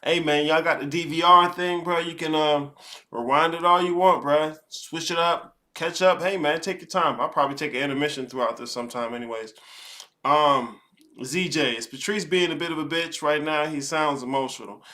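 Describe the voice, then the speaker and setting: A man hosting a stream, reacting to a clip and talking casually with his chat, relaxed and thoughtful. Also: a little high, moderate pace. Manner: relaxed, thoughtful, says um often. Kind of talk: casual commentary to a live chat.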